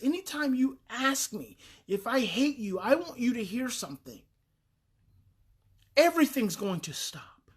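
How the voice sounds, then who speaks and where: A woman's voice: a little high, big pitch swings, unhurried, slightly rough. A woman talking earnestly and emphatically as a parenting advice host, repeating key phrases for weight.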